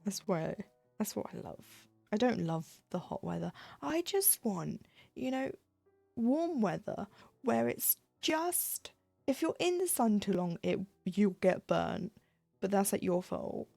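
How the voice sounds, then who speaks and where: Lady chatting while she stitches, bit of fry in her voice, dry sound. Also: medium pitch, big pitch swings, slow pace, warm tone, no room sound, faint music behind. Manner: chatty, ranting, laughs often. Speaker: cross-stitch streamer. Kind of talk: casual chat while stitching.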